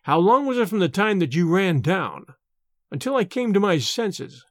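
A secretive, rattled male scholar speaks in a faltering, breathless way, as a man reading an audiobook plays him. His voice is high and lively, rising and falling a lot. The sound is dry and close. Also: moderate pace, dry recording. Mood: musing. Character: shaken, secretive male scholar, fat and pallid. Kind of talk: audiobook character voice.

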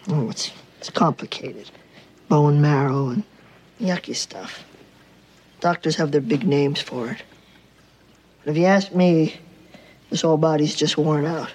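An actor playing a gentle, sick little man who talks softly and sounds resigned, heard in a film clip. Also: fairly high pitch, a little slow, pauses often, slightly rough. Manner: soft-spoken, quietly resigned. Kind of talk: film dialogue. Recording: film clip over music.

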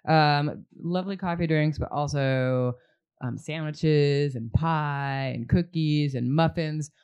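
A woman's voice: sits low, slow pace, a little mellow, smooth, muffled recording. A woman hosting a live event, handing out prizes in a playful, chatty way. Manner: playful, chatty, laughs often. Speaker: event host.

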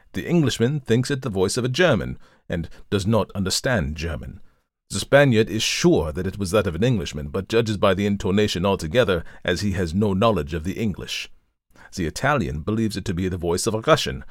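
A man voicing a calm, methodical male detective who reasons aloud in a measured, lecturing way, in an audiobook reading. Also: low voice, no echo, clean studio sound.

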